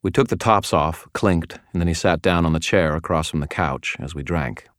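Deep-voiced man narrating deadpan. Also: moderate pace, no room sound, clean studio sound. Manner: wry, deadpan storytelling. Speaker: audiobook narrator. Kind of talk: first-person scripted narration.

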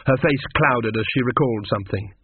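Male audiobook narrator, husky, steady and wry, phone-like lo-fi sound. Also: mid-range voice, fairly quick, dry recording. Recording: tinny phone-like dry sound.

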